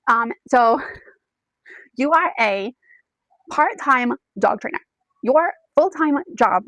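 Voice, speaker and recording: A woman's voice: a little high, dry recording, poor audio. A woman giving a casual, chatty book review, retelling the plot in second person with frequent check-ins.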